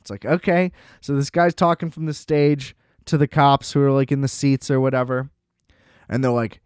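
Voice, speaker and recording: A man's voice: medium pitch, fairly even intonation, moderate pace, darkish tone, clean tone, no room sound, clean studio sound. Profane, joking man reviewing a movie. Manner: loose, profane, joking recap with laughs. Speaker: film review show host. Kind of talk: casual movie review chat.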